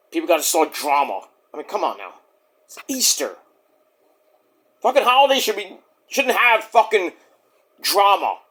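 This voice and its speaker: A man in his forties giving a casual, rambling, profane review, now and then mimicking others in quick put-on voices. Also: a little high, a bit bright. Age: 40s. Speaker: wrestling show reviewer.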